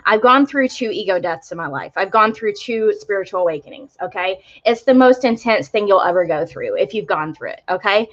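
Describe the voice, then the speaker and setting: A woman's voice: medium pitch, lively intonation, a little fast, few pauses, a bit bright, lo-fi sound. A young woman giving live tarot readings, talking casually with many fillers about spiritual topics. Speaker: tarot reader.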